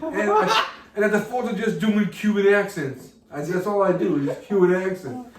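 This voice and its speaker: A man's voice: high voice, sing-song, moderate pace, background noise. A man co-hosting a podcast in casual comedic chat, crude and joking, swearing a lot. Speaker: podcast co-host. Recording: echoey room, mic at a distance.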